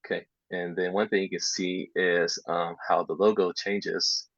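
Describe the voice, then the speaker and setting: Male workshop presenter, deep and husky, casual explainer for teachers, dull lo-fi recording. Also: flat delivery, unhurried, no echo. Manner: explains step by step, drops into soft half-whispered asides. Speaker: English teacher trainer. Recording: dull lo-fi sound.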